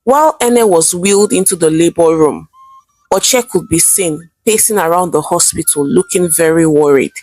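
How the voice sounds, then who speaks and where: Lady narrating a story, lowish voice, quiet music behind. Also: moderate pace, dry recording. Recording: faint background music.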